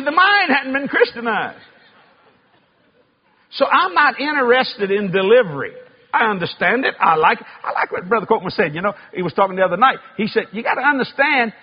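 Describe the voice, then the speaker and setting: A man preaching with a high-pitched voice, breaking into loud shouts and folksy humor. The sound is muffled, like an old broadcast recording. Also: breathy edge. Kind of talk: sermon with comic storytelling.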